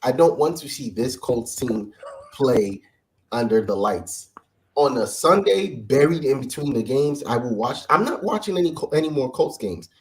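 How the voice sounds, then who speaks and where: A man's voice: medium pitch, lively intonation, normal speed, slight background noise. A man co-hosting a casual sports talk show, joking as he pushes the show along over a home mic. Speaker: co-host.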